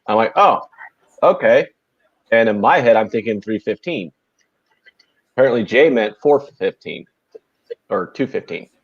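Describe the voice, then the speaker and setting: A man's voice: on the low side, lively intonation, moderate pace, pauses often, slightly rough, dry recording. A man on a betting panel, chatty and storytelling, with mild swearing. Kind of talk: casual sports betting chat. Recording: dull lo-fi mic.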